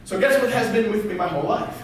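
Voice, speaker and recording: A man giving a motivational talk as a therapist, animated, firing rhetorical questions at the audience. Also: high-pitched, fast talker, slight background noise. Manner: animated, acts out quoted voices, fires rhetorical questions. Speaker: therapist and public speaker. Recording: echoey hall, voice from far off.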